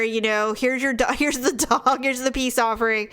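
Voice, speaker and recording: A woman co-hosting a casual podcast chat, telling stories in a fairly high voice. She talks in an animated way, swears freely and laughs often. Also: a little fast, few pauses, clear, resonant tone. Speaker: podcast co-host.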